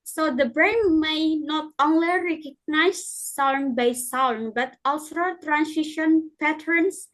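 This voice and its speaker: A young woman giving a class presentation in halting English, often restarting her words. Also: high-pitched, rough recording. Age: young adult. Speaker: student presenter.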